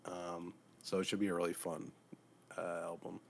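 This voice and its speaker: Gravelly low-voiced man, laid-back. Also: completely flat delivery, moderate pace. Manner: laid-back, many fillers. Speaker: podcast co-host. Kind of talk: casual chat.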